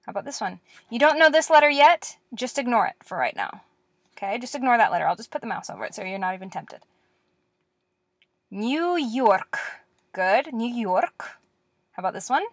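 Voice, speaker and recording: A woman gives a patient, step-by-step recorded lecture as a language teacher. Her voice sits a little high. The recording is dry, with no room echo. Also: expressive. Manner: patient, explains step by step with practice pauses.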